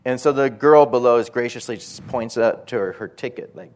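A male preacher in a mid-range voice tells lively, self-mocking anecdotes from the pulpit. He keeps slipping into voiced impressions of the people in his stories. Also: mid-range voice, brisk. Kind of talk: storytelling sermon.

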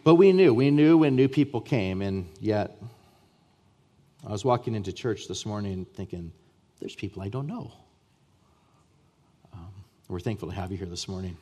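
A man pastor preaching a sermon to his church, emphatic, with repeated starts and swings between loud and soft. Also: on the low side, expressive, normal speed. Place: church sanctuary.

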